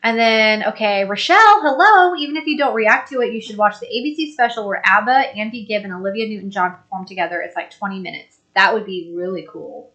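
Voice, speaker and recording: A woman hosting a live stream, chatting casually and reading viewer comments aloud in an upbeat, think-out-loud way. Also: mid-range voice, fast, hardly any pauses. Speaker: host.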